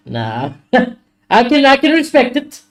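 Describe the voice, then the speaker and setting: Excitable high-voiced man. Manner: excitable, swears freely, reacts loudly to play. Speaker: watchalong host. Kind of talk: live football watchalong commentary.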